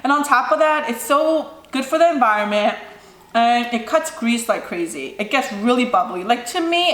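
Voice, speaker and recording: Young woman vlogger, casual Q&A, fairly high voice, chatty and rambling, roomy echo. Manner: chatty, lots of "like" and "you know". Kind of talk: casual Q&A chat. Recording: echoey room.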